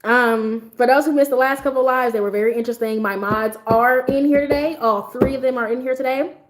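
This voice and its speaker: A woman's voice: high-pitched, fairly even intonation, a little fast. Laughing, chatty livestream woman. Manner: laughs often, talks straight to chat, storytelling. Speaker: livestream host. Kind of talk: casual livestream chat.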